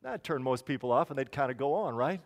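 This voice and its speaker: A man preaching a sermon, swinging between loud appeals and quiet storytelling. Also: mid-range voice, lively intonation, fast talker. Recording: long hall reverb.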